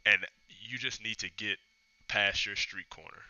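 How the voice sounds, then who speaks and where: A man's voice: lowish voice, fairly even intonation, unhurried, a crowd in the background. A man, a podcast guest chatting casually and telling reflective stories, acting out what people said. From Tennessee, US. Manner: reflective, storytelling, acts out quoted dialogue. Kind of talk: casual interview chat. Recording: dull lo-fi sound.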